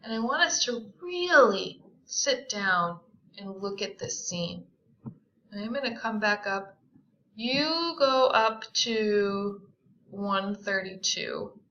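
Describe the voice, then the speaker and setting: A woman teacher reading a novel aloud and explaining it in a measured way. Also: mid-range voice, very animated, bright, forceful tone. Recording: roomy, dull lo-fi recording.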